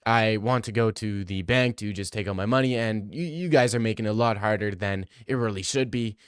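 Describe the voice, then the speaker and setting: A pompous, whiny male sports reporter, as a livestream host puts him on, forever announcing himself and demanding what he's owed. The voice sits a touch lower than most men's but rings smooth and clear. The sound is close and dry, with no room around it. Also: fairly quick, no echo, lightly acted.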